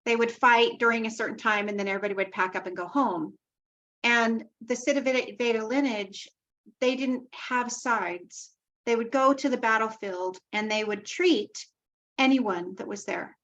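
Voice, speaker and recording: A woman's voice: a little high, moderate pace. A woman hosting an online group call, talking casually and repeating loving affirmations. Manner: warm-hearted, repeats herself, loving affirmations. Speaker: call host. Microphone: video call. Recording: dull lo-fi video call audio.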